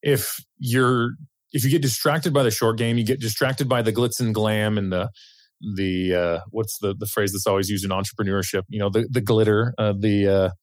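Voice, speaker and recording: A man's voice: lowish voice, steady tone, moderate pace, no room sound. A man who is a financial planner, speaking as an interview guest, thoughtful and sometimes searching for words. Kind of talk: casual interview chat.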